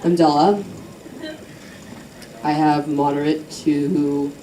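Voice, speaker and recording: A woman's voice: low voice, steady tone, slow pace, warm tone, a faint crowd, a little hiss or hum. A young woman doing a stand-up set on a club stage, telling a rambling, self-deprecating story with crude jokes while the audience laughs. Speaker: stand-up comedian. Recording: roomy club audio from a distance.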